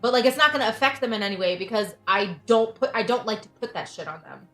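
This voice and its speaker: A woman in her thirties vents in a casual stream chat, rambling and restarting her sentences. Her voice sits a little high, and the room rings with echo. Faint music plays behind her. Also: quick pace, a bit bright. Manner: venting, frustrated, rambling with restarts. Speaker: livestream host, parent.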